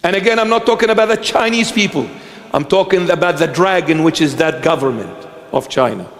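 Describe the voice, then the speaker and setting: A man's voice: a little high, lively intonation, brisk, a bit bright, long reverb tail. A man preaching a sermon, emphatic and repetitive, firing rhetorical questions at his listeners.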